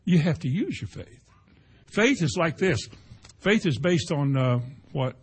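A man preaches in a husky, somewhat high voice. He talks to the congregation in a conversational way, swinging between emphatic lines and hushed ones. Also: animated, a little slow. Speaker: pastor. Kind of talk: sermon.

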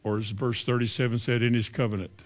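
A man with a medium-pitched voice preaches fast, reading scripture verses and retelling them in lively, folksy everyday speech.

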